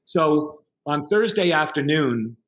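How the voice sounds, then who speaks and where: A middle-aged podcast guest tells a story in relaxed conversation, acting out the other people involved with quoted voices. His voice is slightly high and he takes his time.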